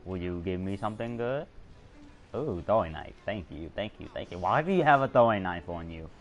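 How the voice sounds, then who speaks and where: Excitable young man streaming gameplay. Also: low-pitched, brisk, dull audio, soft background music. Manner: excitable, swearing, jokey. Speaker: gamer streamer. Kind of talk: live-streamed gameplay commentary.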